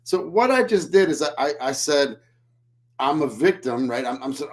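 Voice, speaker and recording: A man's voice: mid-range voice, animated, normal speed. A man hosting a leadership talk show, speaking bluntly and emphatically, swearing freely and acting out whiny apologies in a droopy voice. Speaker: leadership podcast host. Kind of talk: casual coaching talk.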